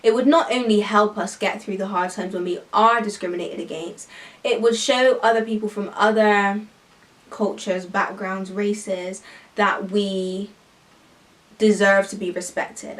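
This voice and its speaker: A young woman with a British accent talks straight to camera in a casual opinion vlog. She is animated and emphatic and fills her talk with "like". Her voice sounds a little distant from the mic. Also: medium pitch. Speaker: YouTuber.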